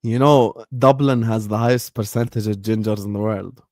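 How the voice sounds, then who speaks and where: A man's voice: lowish voice, fairly even intonation, moderate pace, darkish tone, dry recording, studio quality. Young man in casual slangy stream chat. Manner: rambling, slangy, drops Arabic phrases. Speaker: livestream host.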